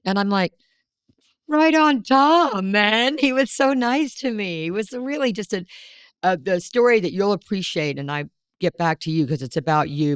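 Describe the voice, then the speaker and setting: A woman's voice: on the low side, dry recording. A woman from South Carolina hosting a podcast, telling stories casually, swearing freely and acting out quotes. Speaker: podcast host. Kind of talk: casual storytelling chat. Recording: dry close-miked studio sound.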